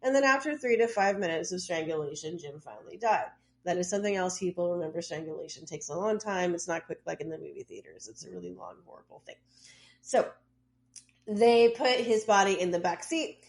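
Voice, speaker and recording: A woman's voice: fairly low pitch, lively intonation, brisk, darkish tone. Chatty woman podcast host telling a story. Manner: chatty, loose retelling with lots of "like" and wry asides. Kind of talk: casual true-crime storytelling.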